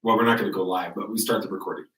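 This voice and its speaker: A man's voice: low-pitched, fairly even intonation, racing, fairly bright tone. A man hosting a podcast, teasing his co-hosts and hurrying them to start recording. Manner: teasing, bossy, hurrying the others along. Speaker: podcast host. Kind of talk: casual chat before a podcast recording. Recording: echoey room, mic far off, faint noise.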